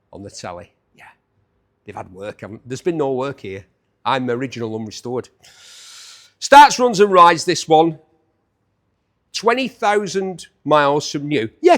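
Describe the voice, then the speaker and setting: A man, middle-aged, casually presenting an auction preview to camera and cracking teasing jokes to the camera operator. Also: a little high.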